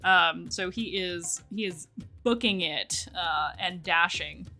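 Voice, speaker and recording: A woman's voice: on the low side, slow, sharp tone, soft background music. A woman narrating a tabletop game as game master, hesitant and full of fillers.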